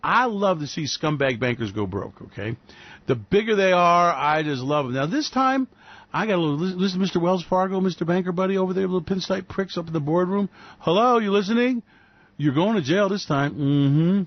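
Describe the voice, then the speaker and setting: A man's voice: high voice, animated, brisk, dry recording, lo-fi sound. A man hosting a radio show, ranting in a sarcastic, profane, mocking way. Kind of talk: solo financial commentary rant.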